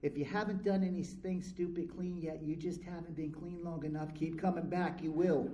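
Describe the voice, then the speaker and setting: A man's voice: a little high, fairly even intonation, moderate pace, few pauses, mellow, slight background noise, rough recording. Blunt, profane man telling his story. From California. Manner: blunt and profane, frank about himself. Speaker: recovery meeting speaker. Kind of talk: candid storytelling to a live audience. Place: convention meeting room.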